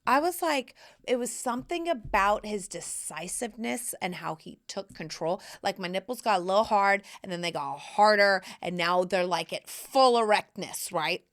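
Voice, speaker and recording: Woman podcast host, bright, animated storyteller who acts out every quote with sudden leaps up and down. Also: moderate pace, hardly any pauses. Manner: animated, acts out quotes with big pitch jumps. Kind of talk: casual storytelling.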